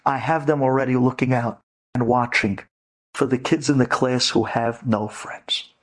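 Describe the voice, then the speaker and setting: A man's voice: fairly even intonation, moderate pace. A man who is a rabbi giving a storytelling lecture to women, dramatic and acting out the voices in his stories. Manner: dramatic, acts out quoted voices with big pitch leaps; speaks directly to a women's audience. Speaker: rabbi and inspirational speaker.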